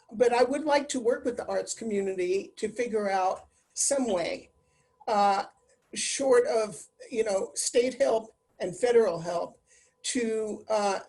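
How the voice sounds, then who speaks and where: A woman with a husky, breathy voice answers as a council candidate. She speaks haltingly with many fillers over a video call. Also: mid-range voice, a little mellow. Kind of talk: virtual forum answer.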